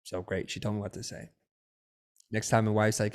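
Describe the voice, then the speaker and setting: Middle-aged male guest, animated storyteller acting out dialogue. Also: lowish voice, fairly quick. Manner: lively storyteller who acts out quoted dialogue. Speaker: podcast guest, designer and educator.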